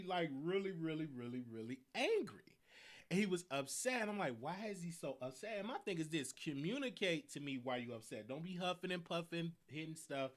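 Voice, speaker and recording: A man with a Southern US accent hosting a live show, telling a rambling story in a casual, animated way, repeating himself and laughing often. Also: a little high. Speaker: host.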